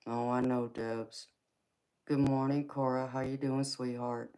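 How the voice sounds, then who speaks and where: A woman's voice: very deep voice, flat delivery, a little slow, mellow. A middle-aged woman with a Southern US accent, hosting a casual livestream and answering viewer comments, calling people sweetheart and honey. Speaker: tarot reader and livestream host.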